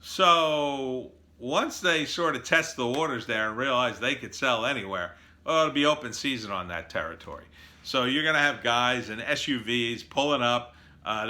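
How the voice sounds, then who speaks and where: A man delivering a sarcastic, animated opinion monologue as a political commentator. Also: mid-range voice, normal speed.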